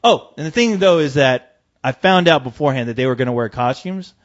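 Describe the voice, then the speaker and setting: A man's voice: medium pitch, brisk. Profane storytelling man, lo-fi sound. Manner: profane, animated storytelling with laughs. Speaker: co-host. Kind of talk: casual podcast chat. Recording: dull lo-fi podcast audio.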